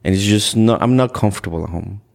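This deep, gravelly voice has a somewhat dark tone and belongs to a man from Ecuador. As a podcast guest he tells candid stories in conversation, earnest and halting, restarting repeatedly and using "like."

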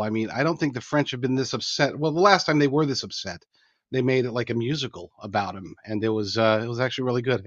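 A man gives remote interview answers in an emphatic, folksy style, often restarting his sentences. His pitch is mid-range for a man. The sound is muffled and dry, like a remote call. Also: no echo. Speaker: guest commentator.

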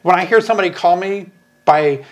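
A man with a Northern US accent that carries traces of the South, hosting a casual beekeeping chat in a playful, animated way with frequent restarts. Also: sits high, a little fast, over a noisy crowd. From American South. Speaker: beekeeping channel host.

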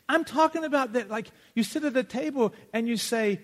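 A pastor from Texas preaches a sermon in a very high voice, speaking briskly with few pauses. He tells stories conversationally and animatedly acts out the quotes, and the recording carries the long reverb of a large hall.

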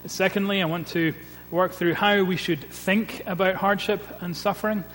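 A male pastor preaching a sermon in an earnest, measured way, building points with repeated refrains. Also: sits high, fairly even intonation, fairly bright tone. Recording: long reverb with faint hum.

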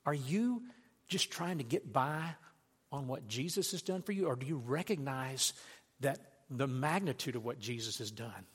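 A man's voice: mid-range voice, expressive, normal speed, slightly rough. A man preaching a sermon, earnest and direct, telling a story to make his point. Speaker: pastor. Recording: long hall reverb.

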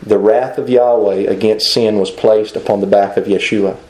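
A man's voice: fairly low pitch, fairly even intonation, moderate pace, dark tone, reverberant, rough recording. A man preaching a sermon, reasoning aloud and posing rhetorical questions to his listeners.

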